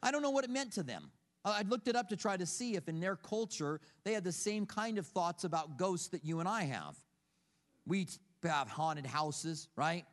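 A man's voice: high-pitched, expressive, normal speed, long reverb tail. A middle-aged male pastor preaching a sermon, telling stories conversationally and asking rhetorical questions. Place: church sanctuary.

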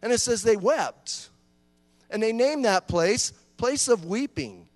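Animated high-voiced male preacher. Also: slow pace, dry recording, in a large hall. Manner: animated, conversational preaching with jokes and acted-out voices. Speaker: pastor. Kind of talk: sermon.

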